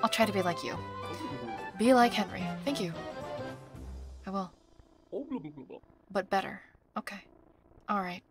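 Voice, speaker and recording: Young woman streamer reading game text, mumbly then flustered, lots of ums, mid-pitched voice. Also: a little slow, long pauses, over music. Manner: scattered and chatty, many ums, gets flustered; reads on-screen instructions in a mumbly undertone. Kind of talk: live gameplay commentary, reading game text aloud.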